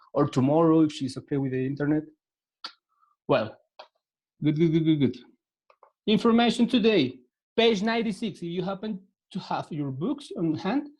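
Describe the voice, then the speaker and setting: Teaching an online class by video call, this Latin American man speaks English with a Spanish accent in a fairly high, slightly mellow voice. He is patient, repeats words and walks students through instructions step by step.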